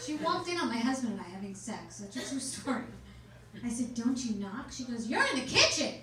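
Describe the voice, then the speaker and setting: A middle-aged woman doing a stand-up comedy set on stage in a small club, delivering deadpan punchlines with sudden shouting bursts. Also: a little high, brisk, heavy background noise. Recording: echoey club from far off. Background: small crowd laughing.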